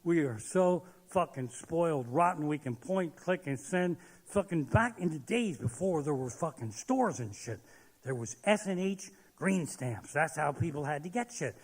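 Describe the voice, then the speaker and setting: On a theater stage, a man with a highish, animated voice delivers a crude stand-up rant at normal speed, cursing nonstop. The sound carries a long, hall-like reverb.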